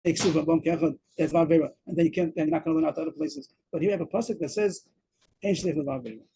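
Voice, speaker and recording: A man's voice: fairly high pitch, very fast, warm tone, a little hiss or hum, rough recording. A man teaching a Talmud lesson over a video call, explaining step by step and repeating himself as he goes. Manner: explains step by step, repeats words, mixes Aramaic terms. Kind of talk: daf yomi Talmud lesson.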